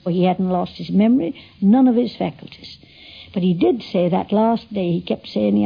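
A woman's voice: medium pitch, normal speed, vocal fry, husky. An older woman reminiscing in an interview, telling a story chattily with quoted dialogue, in a dull lo-fi archive recording.

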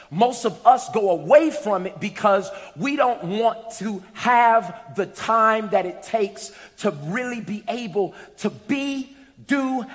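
A man preaching a sermon to a congregation, lively and humorous, rising to shouts at times. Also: high-pitched. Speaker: pastor. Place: church sanctuary with congregation. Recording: long reverb of a large hall.

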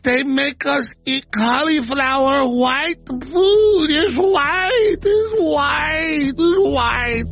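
Male comic doing a whiny congresswoman parody, high-pitched, slow mocking wail, rough edge. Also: a bit bright, full character voice. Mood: whining. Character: shrill whining congresswoman caricature, woman, adult.

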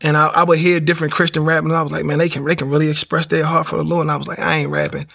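A man tells his faith story in a casual interview. His voice is gravelly and bright and sits a little high. He acts out what people said to him. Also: rapid-fire. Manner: animated storytelling, acts out quotes. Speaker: guest sharing testimony.

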